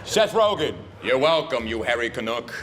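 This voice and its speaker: A man's voice: medium pitch, sing-song, normal speed, noisy background, close to an everyday voice. A man playing a smug, pompous president of Hollywood. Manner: smug, grandiose speech-giving.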